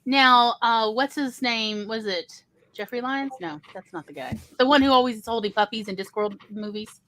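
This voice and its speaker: A woman co-hosting a casual chat, telling stories in a chatty, animated way. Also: on the high side, normal speed. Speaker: podcast co-host.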